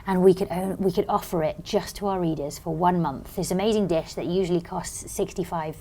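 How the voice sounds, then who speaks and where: A woman's voice: lowish voice, fairly even intonation, brisk, mellow. Bubbly British woman telling stories. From Britain. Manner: bubbly storyteller, acts out quotes. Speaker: magazine editor. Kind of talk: casual interview chat.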